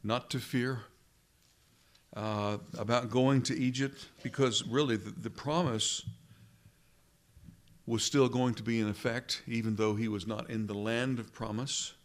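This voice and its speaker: A man leading prayer and preaching a sermon in an earnest, measured way, often tagging lines with rhetorical questions. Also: mid-range voice, steady tone. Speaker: pastor.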